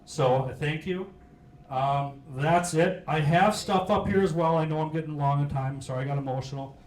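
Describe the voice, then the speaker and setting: A middle-aged man gives a casual, joking talk to a local audience, pausing often with fillers. His voice sits a little high. The room is echoey, with faint hiss behind him. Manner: folksy, joking, halting with fillers. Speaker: county sheriff giving a history talk. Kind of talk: informal public talk. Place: meeting hall. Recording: roomy hall with faint hiss.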